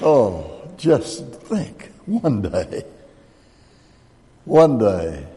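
An eighty-something man preaching with a slow, unhurried delivery and a lively, swooping pitch. His voice sits a little high for a man, and long reverb from the church hall trails each phrase. He keeps it folksy, slipping in jokes with the congregation. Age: 80s. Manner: folksy, joking asides with laughter. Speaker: pastor. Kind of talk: sermon.

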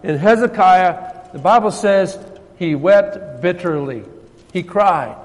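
A preacher man with a high voice delivers a sermon, rising to loud emphasis and dropping to near-hushed tones. His voice rings with the long reverb of a church hall. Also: animated, slow pace. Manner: swings between loud emphasis and soft, hushed passages. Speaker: pastor.

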